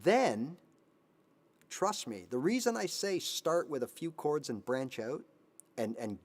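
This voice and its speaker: A man in his fifties who hosts a guitar channel, giving animated motivational advice on a live stream and now and then singing a line. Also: on the high side, slow pace. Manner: animated, sings snippets, voices his inner brain. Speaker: guitar teacher, channel host.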